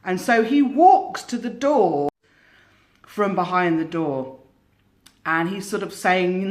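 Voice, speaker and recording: A woman's voice: on the low side, animated, slow pace, pauses often. A woman hosting a tarot channel, casually telling a cautionary story in a musing way with hesitant restarts.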